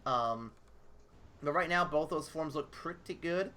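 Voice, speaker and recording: Bright-voiced man hosting a casual podcast. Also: fairly high pitch, a little slow. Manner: loose, profane, laughing news rundown. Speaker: podcast host.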